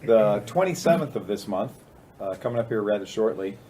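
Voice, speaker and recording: A man's voice: on the low side, expressive, a little fast, dark tone. A man co-hosting a casual motorcycle talk show, joking and rambling with friends. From Ohio, USA. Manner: joking, rambling, laughs often. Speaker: podcast co-host. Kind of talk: casual banter.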